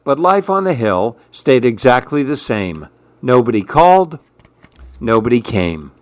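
A man narrating a rhyming storybook in a measured, rhythmic, expressive way. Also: medium pitch, no echo.

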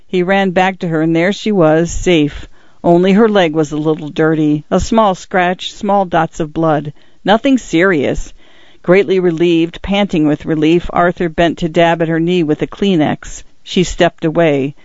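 A man narrates a tense literary story in a measured, dramatic way. His voice sits fairly high for a man. The recording is dry and close, with a slightly muffled, dull tone. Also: fairly even intonation, darkish tone, no room sound. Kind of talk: audiobook narration.

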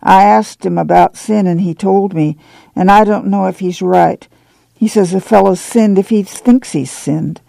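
A man voicing a tired, sad, guilt-ridden farm uncle who talks slowly in a drawl. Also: high voice, vocal fry, warm tone, dry recording, heavily acted. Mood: brooding. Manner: slow and brooding.

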